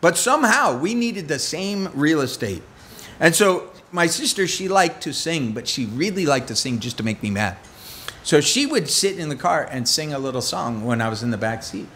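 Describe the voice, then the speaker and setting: A man's voice: fairly high pitch, big pitch swings, moderate pace, fairly bright tone, slight background noise. A middle-aged man preaching a conversational sermon as pastor, telling stories with self-deprecating humor.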